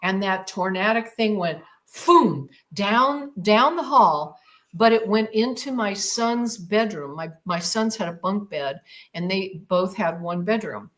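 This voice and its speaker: A woman's voice: medium pitch, animated, a little slow, a bit bright. Emphatic woman telling a vivid story. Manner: vivid, emphatic retelling with repeated phrases. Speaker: podcast guest. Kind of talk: dramatic personal storytelling.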